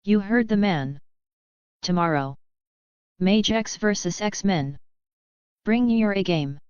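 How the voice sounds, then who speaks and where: A woman's voice: medium pitch, animated, slow pace, a little mellow, clear, resonant tone, dry recording. A woman voicing a mischievous, cocky teenage wizard in a storybook reading, with a dry, slightly dull recording.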